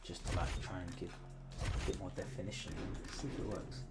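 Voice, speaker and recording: A man with a British accent giving casual commentary while he plays a video game. He is chatty, then drops into quiet muttering while he concentrates. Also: low voice, flat delivery, fairly quick, over loud music. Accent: British English. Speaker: gaming streamer.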